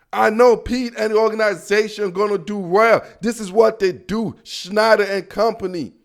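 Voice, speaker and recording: High-voiced, playful man hosting a football show. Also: moderate pace, vocal fry, hardly any pauses. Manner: playful, slangy, talks straight to listeners. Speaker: football podcast host. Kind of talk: casual sports commentary.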